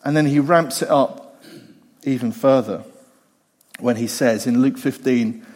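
A man preaching a sermon, animated and acting out the voices of the people in the story. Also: medium pitch, unhurried. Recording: long hall reverb.

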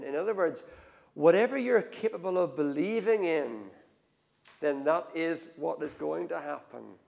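Male preacher, gravelly and fairly high-pitched, animated sermon delivery, big hall echo. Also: moderate pace. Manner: animated storytelling, swings from hushed to loud. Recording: long hall reverb.

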